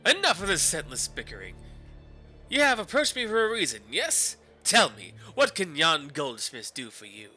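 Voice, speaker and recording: A man voicing a jolly, heavyset man with a hearty, slow, grand way of talking. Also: fairly high pitch, huge pitch swings, sharp tone, breathy edge, soft background music, heavily acted. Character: jolly heavyset German man, jowly and amused.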